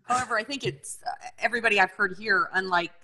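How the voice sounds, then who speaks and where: A woman's voice: mid-range voice, quick pace, bright, forceful tone, low-quality recording. A woman from the American South with a light Southern accent, earnestly discussing teaching in a casual group talk. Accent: Southern American, kept light.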